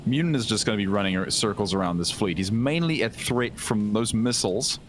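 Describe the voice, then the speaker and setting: A man's voice: on the low side, animated, brisk, a little hiss or hum. A man doing casual live commentary on a game match, laughing often and cheering the action on.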